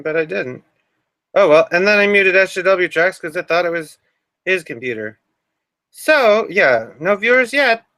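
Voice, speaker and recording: A man's voice: on the high side, bright, forceful tone, dry recording, clean studio sound. A man hosting a casual livestream, rambling and meandering, now and then humming a sing-song tune. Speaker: livestream host.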